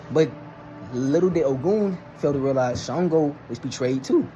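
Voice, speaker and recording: A man's voice: a little high, moderate pace, a little hiss or hum. Slangy young man telling a story. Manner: slangy, rambling, animated. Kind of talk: casual storytelling.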